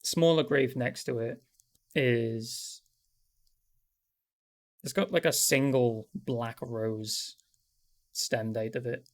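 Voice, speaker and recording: A man acts as game master for a tabletop game, narrating scenes in a relaxed way with lots of fillers. His voice is mid-range, and he takes it slowly with long pauses.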